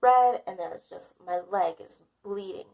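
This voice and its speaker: A woman's voice: medium pitch, unhurried, creaky, a little mellow, dull audio. A woman vlogger telling a casual storytime, dramatic and self-mocking, often laughing.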